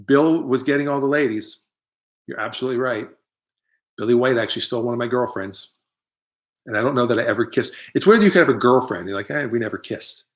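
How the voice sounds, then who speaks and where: A man's voice: medium pitch, fast talker. A middle-aged man hosting a live online show, delivering a rambling, opinionated comic monologue with jokey asides while he answers viewer comments.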